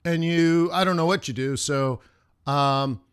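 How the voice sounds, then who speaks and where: A man's voice: on the high side, smooth. Man teaching live chart trading. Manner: chants chart moves in rhythmic bursts; casual, talks straight to viewers with quick rhetorical questions. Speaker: forex trading instructor.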